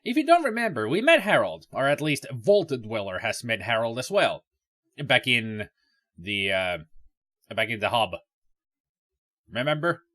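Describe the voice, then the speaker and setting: A man's voice: medium pitch, very animated, a little slow, long pauses, fairly bright tone. A man casually commenting on a game he plays, chatting to his viewers and reading the dialogue aloud. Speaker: let's play host.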